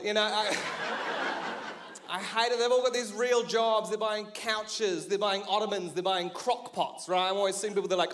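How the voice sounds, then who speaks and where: A man's voice: sits high, moderate pace, a bit bright, a little hiss or hum. A man from New Zealand in his thirties with a New Zealand accent, doing a self-deprecating stand-up set on stage. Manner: wry, self-deprecating, laughing at his own lines. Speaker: stand-up comedian.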